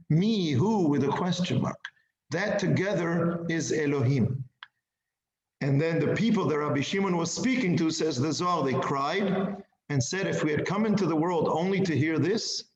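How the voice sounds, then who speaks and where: A man teaching a religious text class, slow and deliberate, leaning on key words and asking the class questions. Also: a little high, reverberant, low-quality recording. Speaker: Torah teacher.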